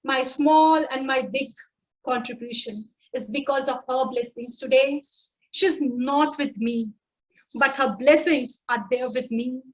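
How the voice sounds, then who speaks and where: A woman giving a prepared speech at a speaking club, slow and deliberate with dramatic pauses. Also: high-pitched, rough recording.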